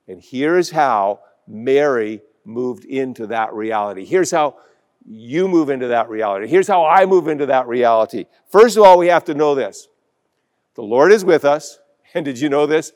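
A man's voice: on the high side, expressive, normal speed, in a large hall. A man preaching a sermon as pastor, emphatic, acting out quoted voices as he goes.

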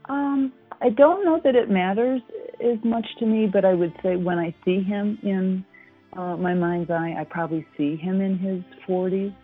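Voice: mid-range voice, fairly even intonation, moderate pace, husky. A guest reminiscing fondly in an interview, smiling and laughing often while speaking. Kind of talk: personal interview conversation. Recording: tinny phone-line audio with faint music.

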